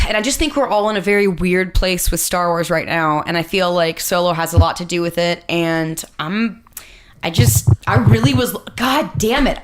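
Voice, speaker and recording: A woman's voice: on the low side, clean tone. Casual, swearing young woman podcaster. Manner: candid and quick to laugh, swears freely. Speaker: podcast co-host. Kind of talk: casual chat.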